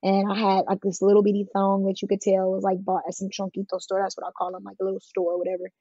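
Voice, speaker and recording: A woman's voice: medium pitch, completely flat delivery, fast talker, dark tone, breathy edge, no echo, highs cut off. A woman from California, a guest telling her life story in an interview, speaking frankly and plainly with many fillers. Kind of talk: emotional personal storytelling in an interview.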